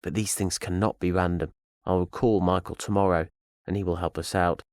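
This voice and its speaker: A man's voice: sits low, steady tone, a little fast, a little mellow, dry recording, clean studio sound, natural voice. A man voicing a protective, devoted husband in an audio drama, earnest and reassuring.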